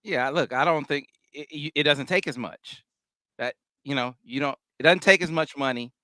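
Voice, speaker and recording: Man, sports talk host, measured, analytical, smooth resonant voice. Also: a little high, pushed and bright, no echo. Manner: measured, analytical, many restarts.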